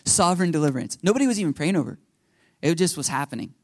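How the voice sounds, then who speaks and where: A man pastor telling a story in his sermon, animated, laughing, and acting out quotes. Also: a little high, very fast, no echo, studio quality.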